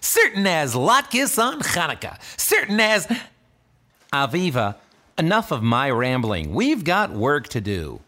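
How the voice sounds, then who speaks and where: A man voicing a cheerful, kind talking backpack in a children's audio drama, chuckling and swooping in pitch. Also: huge pitch swings, measured pace, sharp tone, heavily acted. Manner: rhyming, bouncy, chuckling, sudden swoops in pitch.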